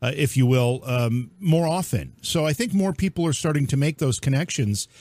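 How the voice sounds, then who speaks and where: A man's voice: a little high, normal speed, darkish tone, no room sound. A man hosting a casual interview program, chatty and easily amused. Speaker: host.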